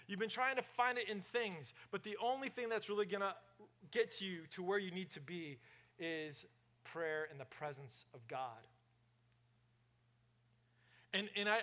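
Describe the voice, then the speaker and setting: Bright-voiced casual preaching man. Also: sits high. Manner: casual, conversational preaching with many fillers. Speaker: pastor. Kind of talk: sermon. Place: church service in a warehouse.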